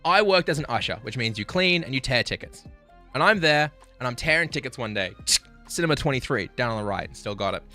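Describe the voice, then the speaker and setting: Aussie guy yarning to his stream chat, bright punchy voice, faint music behind. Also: mid-range voice, a little fast. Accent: Australian. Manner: animated, crude, self-mocking. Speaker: livestreamer. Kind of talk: casual storytelling to stream chat.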